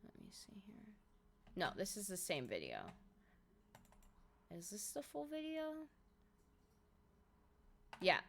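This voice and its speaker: A young adult woman chatting casually on a live stream, excitable and quick to swear and laugh. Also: mid-range voice, slight background noise.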